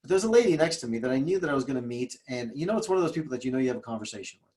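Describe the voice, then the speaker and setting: A man's voice: mid-range voice, expressive, very fast, darkish tone. A man telling stories in a casual interview, emphatic and often repeating himself. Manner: emphatic, repetitive, restarts often. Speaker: guest speaker, trauma coach.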